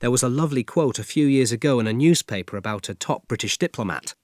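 A man hosting a scripted radio talk programme, introducing a guest and asking questions in a clear, formal way. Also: medium pitch, expressive, quick pace, a little mellow, no room sound, clean studio sound.

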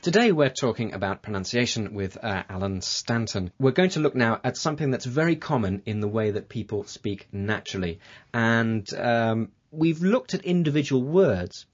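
A man's voice: medium pitch, expressive, normal speed. A man presenting an educational radio programme about English, talking casually with many fillers and restarts. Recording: dull lo-fi broadcast audio.

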